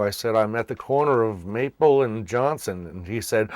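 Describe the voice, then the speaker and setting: A man's voice: fairly low pitch, moderate pace, dry recording. Man telling his life story, very dry. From Massachusetts. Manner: animated, acts out quoted voices. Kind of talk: casual storytelling.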